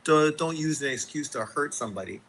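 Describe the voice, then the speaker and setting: A man's voice: fairly high pitch, lively intonation, brisk, a bit bright, poor audio. A man hosting a boxing live stream, ranting casually with heavy profanity and exasperation. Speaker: boxing show host.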